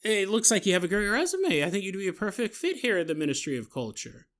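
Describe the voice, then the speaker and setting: Guy putting on a fawning french official in his 60s, heavy fake french accent, high bright voice. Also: big pitch swings, fast. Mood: smarmy. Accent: put-on French. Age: 60s (figure). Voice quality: smarmy, fawning, repeats words. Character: older French male ministry official, smarmy and flattering.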